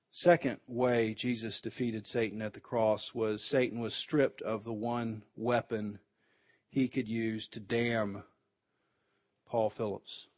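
A man preaching a sermon in an emphatic way, building to fervent peaks, heard on a dull, lo-fi recording. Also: medium pitch.

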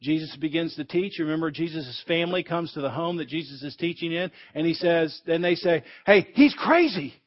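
A man's voice: on the high side, fairly even intonation, a little fast, hardly any pauses. A man preaching a sermon in an emphatic way, building to fervent peaks, heard on a dull, lo-fi recording.

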